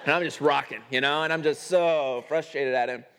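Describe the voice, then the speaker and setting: A man's voice: fairly high pitch, normal speed, noisy background. A man in his thirties giving an earnest sermon-style talk on parenting, telling a family story and acting out the dialogue.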